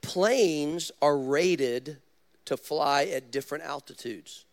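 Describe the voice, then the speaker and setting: A man, a pastor, preaching a sermon with animated storytelling and direct questions to the congregation. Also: a little high, takes it slowly.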